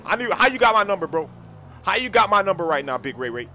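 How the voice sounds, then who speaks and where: Hyped young guy doing game roleplay, slangy, bright sharp voice, kinda high. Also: fast talker, a little hiss or hum. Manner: excitable, slangy, loud outbursts. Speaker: gaming YouTuber. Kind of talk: game role-play commentary.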